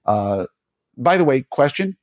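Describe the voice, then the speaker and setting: Middle-aged man hosting, lively and emphatic. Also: mid-range voice, unhurried. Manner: emphatic and preachy, with many fillers and restarts. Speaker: podcast host and orthodontist. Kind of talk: casual interview chat.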